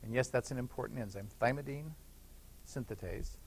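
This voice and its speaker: A man's voice: mid-range voice, brisk, a little hiss or hum. A middle-aged man giving a classroom lecture, explaining step by step, repeating key points and checking in with "okay?". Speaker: university biochemistry lecturer. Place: lecture hall.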